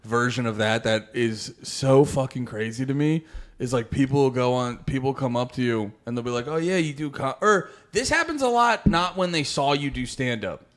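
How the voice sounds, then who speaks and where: A man's voice: medium pitch, normal speed. A man co-hosting a comedy podcast, riffing casually with profanity and frequent laughter. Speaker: podcast co-host.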